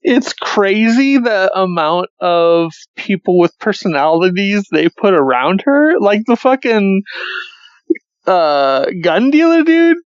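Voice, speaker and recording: A high-voiced man in a casual movie podcast, laid-back and quick to laugh, with plenty of swearing. The sound is dry and somewhat muffled. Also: very animated, clear, resonant tone, dry recording. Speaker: podcast co-host. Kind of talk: casual movie review chat.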